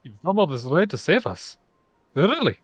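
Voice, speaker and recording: A man's voice: fairly high pitch, sing-song, normal speed, no echo, faint music behind. A man voicing a modest, grateful fisherman from a village, as a fan reading of game dialogue on a dull home mic. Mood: earnest. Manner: friendly, modest.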